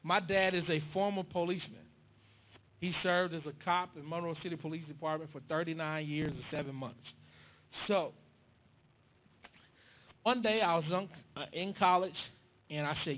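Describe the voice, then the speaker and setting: A man's voice: a little high, normal speed, long pauses, lo-fi sound, a little hiss or hum. A man preaching a storytelling sermon, talking casually and with humor to his congregation in a church. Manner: conversational, humorous, addressing the congregation. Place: church sanctuary. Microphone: handheld or stand microphone.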